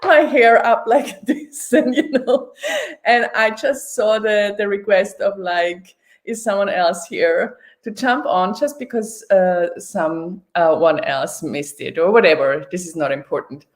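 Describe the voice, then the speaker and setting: A woman in her thirties answering as an interview guest, easygoing and quick to laugh. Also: mid-range voice. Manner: laughing, relaxed. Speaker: interview guest, business facilitator. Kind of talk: casual interview chat.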